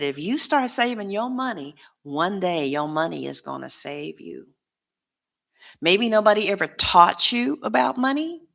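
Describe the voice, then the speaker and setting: A woman reads tarot cards in a relaxed, unhurried way, taking her time over each thought. Her voice sits a little low yet comes across bright and forceful. She is blunt and preachy, and drops slangy asides straight to her viewers. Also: vocal fry. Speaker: tarot reader. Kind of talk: casual tarot reading.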